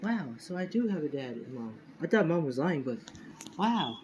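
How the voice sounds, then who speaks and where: Mann spielt aufgeregter kleiner Junge. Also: male voice, fairly even intonation, fairly quick, mellow, highs cut off, a little hiss or hum, natural voice. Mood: excited. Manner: high-pitched, gushing. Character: excited little boy clone, eager and happy.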